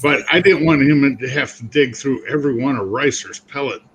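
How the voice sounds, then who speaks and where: A man's voice: mid-range voice, moderate pace, a crowd in the background, poor audio. A man, a barbecue YouTuber, telling chatty stories in a casual talk. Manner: chatty, animated storyteller. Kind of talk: casual chat.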